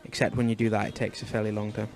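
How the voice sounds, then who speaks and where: A young man hosting a gaming video, chatting casually as he plays and fussing anxiously, with sudden high shrieks of alarm. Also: flat delivery, very fast, a little mellow, soft background music. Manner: chatty, fretful and doting, often bursting into high shrieks. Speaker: gaming channel host. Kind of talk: Minecraft let's play commentary.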